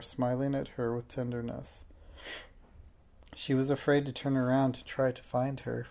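Storybook narrator, children's chapter book, gentle, even, mellow tone, gravelly. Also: medium pitch.

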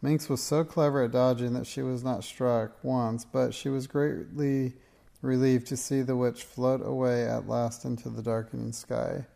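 A man narrating a children's storybook as an audiobook reading, in a steady, plain storytelling manner. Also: mid-range voice, measured pace, gravelly.

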